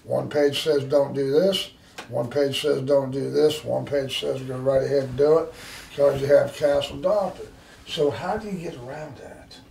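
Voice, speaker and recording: Man, gravelly, blunt firearms instructor, classroom teaching, distant echoey room recording. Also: medium pitch, fairly even intonation, moderate pace, a little hiss or hum. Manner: blunt, forceful, acts out scenarios.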